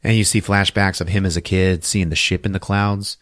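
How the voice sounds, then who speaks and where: A man on a podcast excitedly retelling a movie plot, swearing freely and acting out the characters' lines in put-on voices. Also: low voice, a little fast, dry recording, clean studio sound. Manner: profane, acts out lines in voices, laughs often. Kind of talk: animated casual movie recap.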